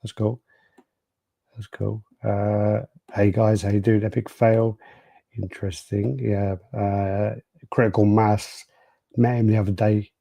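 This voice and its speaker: British man, podcast co-host, rambling storyteller, low husky voice, dry close sound. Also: level tone, slow pace, mellow, no echo. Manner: rambling storyteller, acts out quotes. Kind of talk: casual chat, reading live chat.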